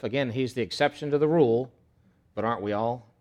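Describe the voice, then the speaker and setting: A male pastor preaching a sermon in an animated, conversational way, with emphatic repetition. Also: mid-range voice, a little fast.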